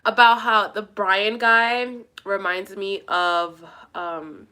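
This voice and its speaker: A woman's voice: mid-range voice, steady tone, slow pace, sharp tone, smooth. A young woman talking casually to her viewers, rambling and emphatic, swearing a lot. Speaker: vlogger. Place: at her mother's home.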